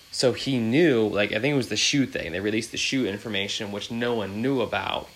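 A man's voice: on the low side, slight background noise, rough recording. Rambling man in his thirties. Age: 30s. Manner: rambling, heavy with fillers like "like" and "um". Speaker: podcast host. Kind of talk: casual podcast chat.

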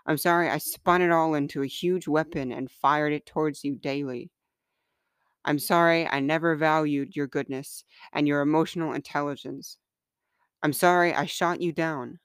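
A woman hosting a podcast and reading aloud from her own book in a gentle, measured, heartfelt way. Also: low voice, steady tone, smooth, dry recording, studio quality. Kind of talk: slow, earnest reading of personal writing.

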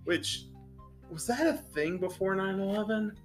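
A man's voice: high-pitched, normal speed, soft background music. A man in his thirties co-hosting a casual movie review, retelling the plot with sarcasm and exasperation. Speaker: podcast co-host.

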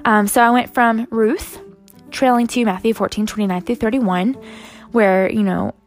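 A young woman talks through a devotional in a relaxed, rambling way, full of "um"s and friendly asides to her viewers. Her voice has a gravelly, fry-tinged edge, and soft music plays faintly behind her. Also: mid-range voice. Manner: rambling, many "um"s and "you guys". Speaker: Christian vlogger sharing a devotional. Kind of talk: casual devotional talk.

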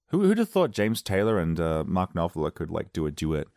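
A man's voice: low voice, wildly swooping pitch, moderate pace, few pauses, a little mellow, dry recording, studio quality. A man hosting a solo comedy show, riffing sarcastically and playfully in a rambling monologue.

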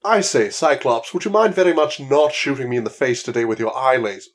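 A man's voice: high-pitched, very animated, normal speed, husky, pitched above the performer's own voice, exaggerated voice. A man voicing a prim, overly polite, upper-class English mutant with toad-like traits. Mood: polite pleading.

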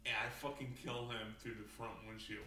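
Brisk and sharp-toned, his medium-pitched voice holding a level tone, the man swaps gaming tales in a casual, profane chat full of fillers. The audio is roomy and captured from a distant mic, with faint ambience and a little hiss or hum.

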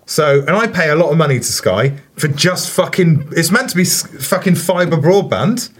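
A man's voice: moderate pace, husky. A man in casual podcast banter, swearing freely and acting out other people in his stories. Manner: sweary, animated storytelling, mimics people in high voices. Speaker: podcast co-host.

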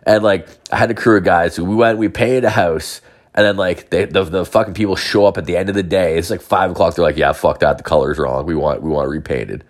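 A young man with a very deep voice spins long, crude stories about his past. He rambles casually, packs his talk with filler words and swears constantly. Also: fairly even intonation, fairly quick. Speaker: storyteller. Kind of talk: casual storytelling.

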